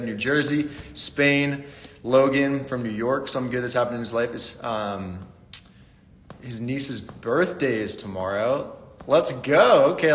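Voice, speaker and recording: A man's voice: mid-range voice, fairly bright tone. A young man from Pittsburgh hosting a casual live-stream Q&A, upbeat and greeting viewers by name. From Pittsburgh, USA. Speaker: livestream Q&A host. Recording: echoey room with long reverb.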